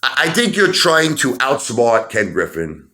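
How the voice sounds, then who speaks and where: A middle-aged man ranting heatedly to his viewers about stocks, repeating himself and rising to shouts. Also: mid-range voice, unhurried. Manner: animated, repetitive, rising to shouts. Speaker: stock market video host. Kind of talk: heated opinion rant.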